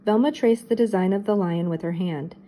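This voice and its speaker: An older woman, a teacher, reading a children's mystery book aloud with steady, expressive narration. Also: medium pitch, a little fast, poor audio.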